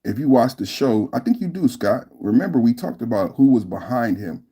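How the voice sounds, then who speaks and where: A man hosting a live reaction stream, rambling loudly and repeating phrases between bursts of laughter. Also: mid-range voice, animated, normal speed, husky. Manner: loud, laughing, rambling and repetitive. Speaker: podcast host.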